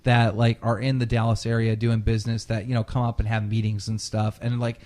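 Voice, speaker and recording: A man's voice: lowish voice, fairly quick. A young man hosting a podcast, telling a story in a casual, profane way and acting out what people said. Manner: animated, profane, acts out quotes. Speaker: podcast host.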